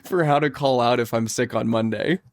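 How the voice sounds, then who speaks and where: A young man co-hosting a podcast, casually telling a story in an animated way while sick and feeling weak. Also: mid-range voice, brisk, dry recording, clean studio sound. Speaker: podcast co-host. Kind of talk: casual chat.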